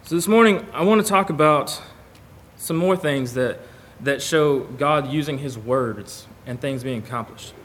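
Preaching to his congregation, this man keeps things conversational and reads passages of scripture aloud. He has a mid-range, somewhat bright voice and a slightly slow pace, with a little hiss or hum in the background.

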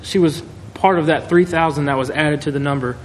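A man preaching a sermon in a conversational, animated way, acting out quotes. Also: fairly high pitch, a little fast. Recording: echoey hall, faint noise.

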